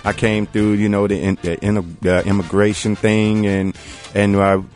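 A man's voice: fairly low pitch, flat delivery, moderate pace, darkish tone, faint music behind. A man co-hosting a radio show, telling stories in a laid-back way and saying man a lot, in a studio. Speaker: radio co-host. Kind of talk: casual chat.

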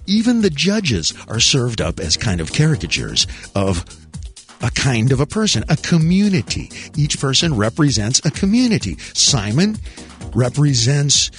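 A man hosting a talk radio show, wisecracking and animated with rhetorical questions. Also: medium pitch, normal speed, faint music behind.

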